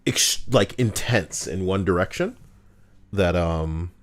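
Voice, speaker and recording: Casting: low-voiced male streamer, lively swooping delivery, loose swearing chat. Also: takes it slowly. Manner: animated, swearing, drifting asides. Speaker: streamer reading Reddit posts. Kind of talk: casual livestream chat.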